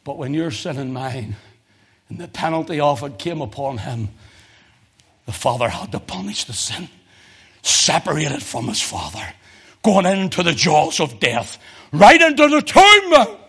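A male preacher delivering a fervent sermon, swinging from loud emotional crescendos to low, intense tones. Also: animated, measured pace, creaky, husky.

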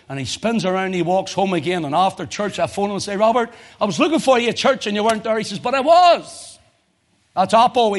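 Preacher, male, high-pitched, fervent sermon delivery with big swings in volume. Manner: swings from loud emotional crescendos to low intense tones.

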